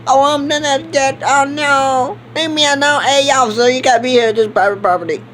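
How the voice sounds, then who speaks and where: A man playing a character in a game, talking in rowdy, excitable outbursts full of swearing. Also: extremely high pitch, a little fast, a little hiss or hum. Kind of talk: profane in-character game role-play.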